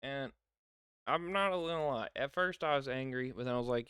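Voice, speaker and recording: A young man giving a casual wrestling show review, chatty and quick to laugh, acting out what people said. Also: medium pitch, sharp tone, clean tone, no room sound, clean studio sound. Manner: chatty, laughs often, acts out quotes.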